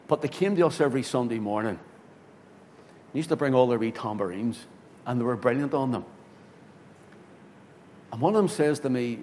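A man, a pastor telling a story in a sermon, swinging from loud, excited bursts to hushed tones. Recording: hall reverb with faint rumble.

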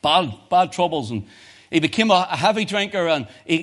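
A man's voice: expressive, normal speed. Impassioned preacher man. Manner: swings from loud impassioned climbs to low hushed intensity. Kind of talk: sermon.

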